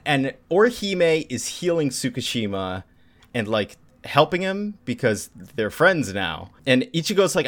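Guy on a podcast gushing about manga, pitch bouncing all over, lots of "like". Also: sing-song, moderate pace. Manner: enthusiastic, lots of "like" fillers, acts out characters' lines. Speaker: podcast co-host. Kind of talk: casual chat recapping manga.

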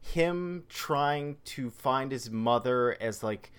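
A man's voice: medium pitch, takes it slowly, fairly bright tone, smooth. A man talking casually about comics, rambling with lots of fillers and restarts. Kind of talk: casual comic book discussion.

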